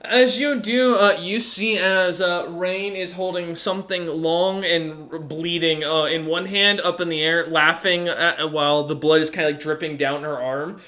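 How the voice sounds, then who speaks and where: A man's voice: fairly high pitch, steady tone, normal speed, hardly any pauses, sharp tone. A man casually narrating a tabletop game as game master, with many fillers and restarts. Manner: casual, hesitant, lots of fillers.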